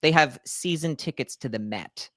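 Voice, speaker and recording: A man in his thirties co-hosting a podcast, telling stories in an animated, playful way with acted-out asides. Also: on the high side, moderate pace, no echo, studio quality. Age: 30s. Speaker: podcast co-host. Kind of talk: casual chat.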